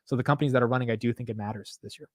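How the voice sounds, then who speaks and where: A man hosting a live stock market stream, talking excitedly and profanely straight to his chat. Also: mid-range voice, racing, no room sound, clean studio sound. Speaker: stock market livestream host. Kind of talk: casual live market commentary.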